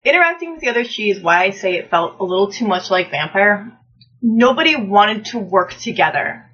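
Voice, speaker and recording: A woman in casual chat, recapping a live-action game in a measured, matter-of-fact way. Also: mid-range voice, lively intonation, fairly bright tone, husky. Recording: dull lo-fi recording with faint noise.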